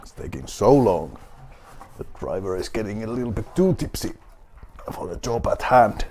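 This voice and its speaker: A man's voice: lowish voice, animated, moderate pace, a little mellow. A man with a Finnish accent playing a rally game and talking to himself, wry and mock-grand, with a beer at hand. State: drinking beer while playing. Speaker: gaming video host.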